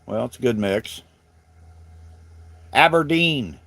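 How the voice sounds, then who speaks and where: A man's voice: fairly low pitch, normal speed, no room sound. Folksy Southern man chatting on a livestream. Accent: Southern American. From South Carolina. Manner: folksy, drawling, rambling. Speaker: livestream host. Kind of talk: casual livestream chat greeting viewers.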